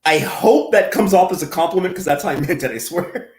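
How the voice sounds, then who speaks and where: A man with a slightly higher voice chats loosely through his commentary, wandering off into stories and laughing at himself. The room around him rings with echo. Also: expressive, fairly quick, darkish tone. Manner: rambling, self-deprecating, laughs often. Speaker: commentary channel host. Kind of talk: casual reaction commentary.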